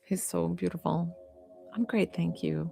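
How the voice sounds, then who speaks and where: A woman's voice: lowish voice, steady tone, a little slow, vocal fry, dark tone, soft background music. A young woman from Georgia, chatting on a phone livestream as a psychic medium, gushing and reassuring and rambling with fillers. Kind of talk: casual livestream chat and reading.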